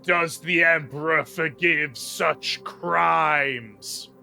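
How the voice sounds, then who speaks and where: A man voicing a stern male Lord Inquisitor judge who booms out sentences slowly, raising his voice higher and louder than his own. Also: creaky, faint music behind, exaggerated voice. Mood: condemning. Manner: booming, slow, pronouncing sentences.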